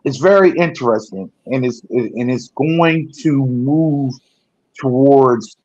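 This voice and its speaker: A man co-hosting a political talk show, rambling in casual discussion and correcting himself often, growing animated when he makes a point. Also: medium pitch, takes it slowly, dry recording. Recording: dull lo-fi sound.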